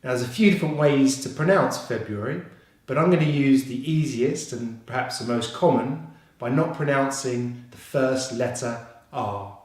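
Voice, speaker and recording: A man with a British English accent teaching pronunciation, slow and deliberate, repeating each sound carefully. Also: mid-range voice, very echoey. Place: London.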